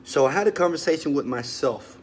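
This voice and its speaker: A man, a motivational speaker, tells a personal story with strong feeling. He swings from loud urging to hushed confession and keeps asking his listeners questions. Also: on the high side, lively intonation, fairly quick, a little hiss or hum. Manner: talks straight to listeners with questions.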